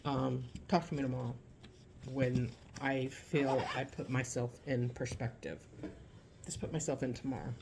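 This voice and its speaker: A woman giving a casual, heartfelt vlog update from home about caring for her father, talking haltingly with many restarts, teary at times. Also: a bass voice, creaky, noisy background.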